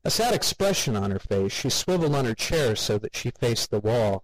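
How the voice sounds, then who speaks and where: A man narrating an audiobook in a measured, wry way. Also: mid-range voice, sing-song, no echo, rough recording.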